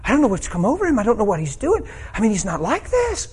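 A man's voice: high voice, wildly swooping pitch, fast talker, a little mellow, husky, pitched above the performer's own voice, exaggerated voice. A male preacher voicing a worried older grandmother, anxious and pleading, as part of a sermon story.

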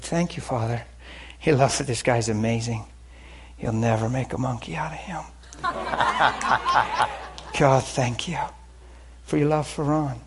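A man preaching and telling healing stories, swinging between hushed and loud. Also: mid-range voice, takes it slowly, long pauses, slight background noise. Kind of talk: sermon with healing testimony.

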